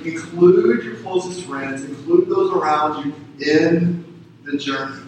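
High-voiced pastor preaching in an echoey hall. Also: male voice, slow. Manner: earnest, exhorting with repeated calls to parents. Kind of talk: sermon. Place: church sanctuary. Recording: echoey room, voice from a distance with faint noise.

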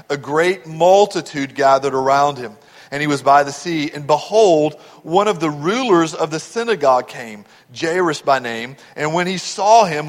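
A man's voice: sits high, in a large hall. A man preaching a sermon as pastor, earnestly explaining scripture verse by verse.

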